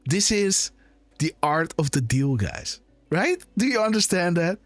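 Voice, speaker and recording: His voice sits high and swings widely in pitch, unhurried, over soft background music with no echo. As host of a live political commentary decode show, he insists through rhetorical questions, turns often to his audience, and repeatedly says "guys" and "right?".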